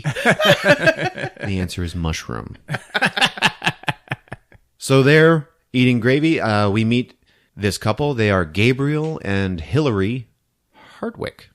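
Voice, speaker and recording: Animated man laughing through a movie recap. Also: medium pitch, slow pace, long pauses. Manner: animated, laughs often, jumps into silly character voices. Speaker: podcast host recapping a movie. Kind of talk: comedic movie recap with acted-out quotes.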